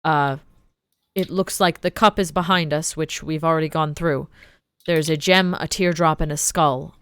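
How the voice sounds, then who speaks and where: A woman at a tabletop game with a notably low pitch and a smooth, clear voice. The sound is dry and close. She talks casually and steers the party's moves. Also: steady tone, normal speed, a bit bright, no room sound. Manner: chatty, directing the party, laughs often. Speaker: player.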